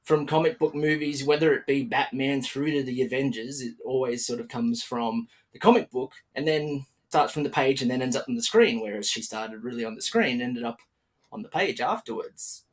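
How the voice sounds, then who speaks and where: A man's voice: medium pitch, normal speed. Chatty Australian man hosting a podcast. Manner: chatty, upbeat, many fillers and restarts. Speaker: podcast host. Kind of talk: casual podcast interview.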